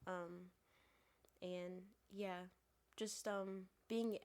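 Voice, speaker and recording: A woman poet on a podcast explains the ideas behind her poems in a loose, conversational way. She wanders, circles back and fills gaps with ums and likes. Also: lowish voice. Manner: relaxed, halting, many fillers.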